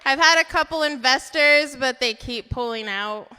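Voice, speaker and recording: A woman's voice: high-pitched, moderate pace, pushed and bright, slight background noise. A young woman in her twenties doing a stand-up comedy set, brash with crude punchlines. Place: comedy club stage. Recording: reverberant comedy club hall.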